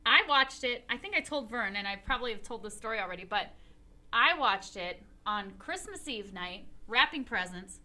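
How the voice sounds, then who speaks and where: Bright, lively high-voiced woman. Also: moderate pace. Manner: animated, laughs often. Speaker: co-host. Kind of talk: casual podcast chat.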